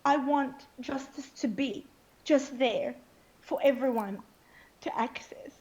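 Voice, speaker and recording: A woman's voice: high voice, takes it slowly, a little mellow, poor audio. A woman speaking in an interview, earnest and impassioned, often checking in with "okay?". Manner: earnest, keeps asking "okay?". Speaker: interview guest.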